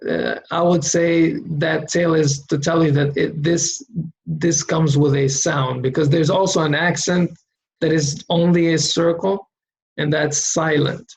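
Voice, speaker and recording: A man's voice: on the high side, steady tone, unhurried, gravelly, slight background noise, low-quality recording. A man teaching how to read Arabic letters, patiently sounding out single syllables for the learner to repeat. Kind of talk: slow recorded lesson drilling syllables.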